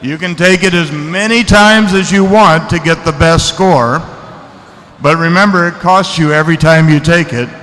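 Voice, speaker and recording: A man speaking at a seminar, answering audience questions in a relaxed, conversational way. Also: a little high, normal speed. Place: large seminar hall. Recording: echoey hall, faint noise.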